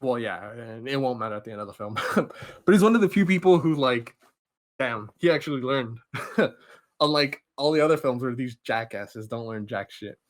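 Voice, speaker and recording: A man hosts a podcast and retells a film plot in a loose, rambling flow. He swears in passing and keeps restarting his sentences, like someone caught up in the story. His voice sits at a middling pitch for a man. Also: expressive, normal speed. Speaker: podcast host. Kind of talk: casual film plot recap.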